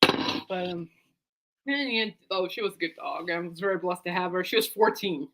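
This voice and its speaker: Woman vlogger, bright forward voice, loose rambling heartfelt chat to camera. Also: lowish voice, moderate pace. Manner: rambling and heartfelt, talks aside to her dog. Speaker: vlogger and fan.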